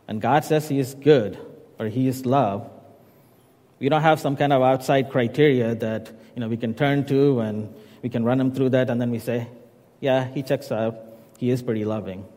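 A man preaching a sermon in a church, teaching in a measured way with casual asides to the congregation. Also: mid-range voice, dark tone, long reverb tail. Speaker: pastor. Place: church sanctuary.

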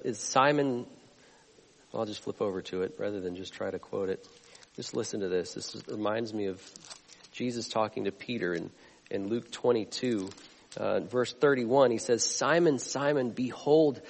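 A man preaching a sermon as a pastor, earnest, swinging between loud emphatic lines and quiet ones. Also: fairly low pitch, gravelly, in a large hall.

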